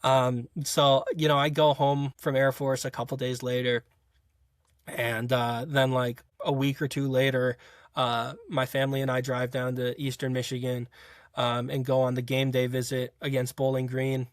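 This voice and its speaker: The young adult football player has a medium pitch that barely moves, delivered at a moderate pace in a dry, studio-quality recording. He's an interview guest recounting his story casually, rambling with lots of fillers and restarts.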